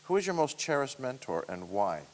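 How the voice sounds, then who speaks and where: A man's voice: mid-range voice, sing-song, a little fast. A man moderating a public Q&A, chiming in with short agreements and reading out audience questions. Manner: brief agreeing interjections and read questions. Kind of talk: hosting a public Q&A. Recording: echoey hall with faint hiss.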